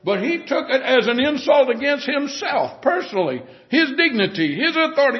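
High-pitched preacher guy giving a sermon, punchy then going quiet, muffled old recording. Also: very animated, normal speed, hardly any pauses. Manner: emphatic preaching that drops to hushed tones.

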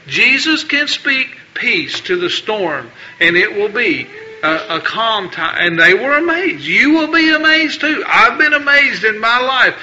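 A man's voice: very high voice, expressive, a little slow, sharp tone. A man preaching a sermon, repeating phrases emphatically and reading scripture aloud. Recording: dull lo-fi recording.

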